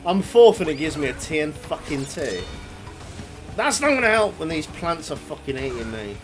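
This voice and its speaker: A man giving excitable, swear-heavy let's play commentary, yelling at the game as he plays. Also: on the high side, moderate pace. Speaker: gaming YouTuber. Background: game music.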